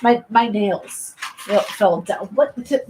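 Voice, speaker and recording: A woman streamer talks to her live chat in a loose, playful ramble. Her voice sits at a middle pitch, and she hops from one thought to the next. The delivery is relaxed and chatty. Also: takes it slowly, noisy background. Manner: playful, chatty, jumps between topics. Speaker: gaming streamer. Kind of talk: casual chat with live viewers.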